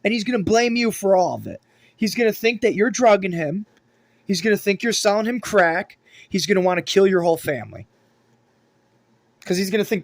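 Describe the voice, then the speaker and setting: A man's voice: high voice, lively intonation, fairly quick, long pauses, no room sound. A man giving a rambling, profanity-laden monologue to camera as a vlogger.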